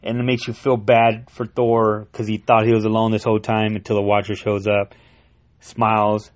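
A young man casually retelling a comic book story, excited and profane, with many restarts and fillers. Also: fairly low pitch, moderate pace.

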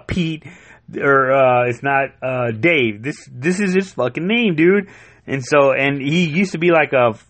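A man retelling a comic book in loose, rambling chat, swearing freely and getting worked up as he goes. His voice sits in an ordinary middle pitch and sounds close and dry, with no room echo. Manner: rambling, profane and excitable, often laughing. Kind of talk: casual chat.

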